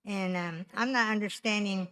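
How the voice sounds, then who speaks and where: A woman's voice: medium pitch, pushed and bright, clean tone. Aggrieved woman making an unscripted complaint. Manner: aggrieved, insistent, halting. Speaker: tribal member speaking at council. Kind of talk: unscripted public comment.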